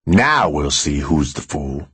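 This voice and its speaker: A man voicing a smug, heavyset middle-aged mayor who talks slow and low. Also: very animated, a bit bright, slightly rough, dry recording, full character voice.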